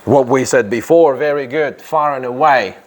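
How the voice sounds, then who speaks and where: A man's voice: medium pitch, normal speed. A man teaching an English grammar lesson to a class, repeating phrases and checking in with "yeah?" after nearly every point.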